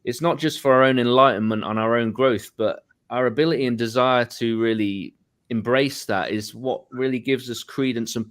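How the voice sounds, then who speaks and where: A man with a middle-pitched voice speaks earnestly about purpose and self-knowledge. His delivery is reflective and motivational, like a coach sharing wisdom with peers. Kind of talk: reflective casual talk.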